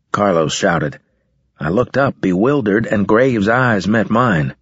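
A man reading a science fiction novel aloud in first person, in a measured, matter-of-fact way. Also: on the low side, lively intonation, husky, dry recording. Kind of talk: audiobook narration, first person. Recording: slightly dull lo-fi recording.

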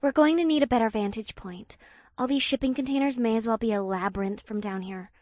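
A woman's voice: on the high side, a little fast, a little mellow, no echo, natural voice. A woman voicing eager, adventurous young female companions in an audiobook.

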